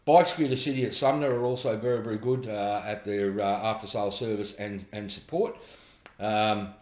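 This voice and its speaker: Aussie bloke doing a casual scooter review at home, jokey and a bit sweary, echoey room. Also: male voice, on the low side, steady tone, moderate pace, a little mellow. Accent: Australian. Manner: chatty, jokey, swears casually, repeats a running gag.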